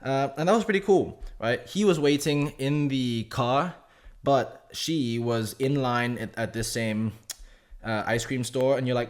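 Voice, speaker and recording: A man's voice: medium pitch, unhurried. A man hosting casual game commentary, rambling between stories and matches with plenty of swearing and self-mocking asides. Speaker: gaming channel host.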